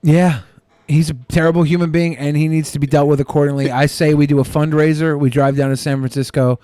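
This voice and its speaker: A podcast host joking and ranting crudely in casual commentary. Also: male voice, fairly high pitch, little pitch movement, brisk, warm tone, no echo. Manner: profane, joking, rambling.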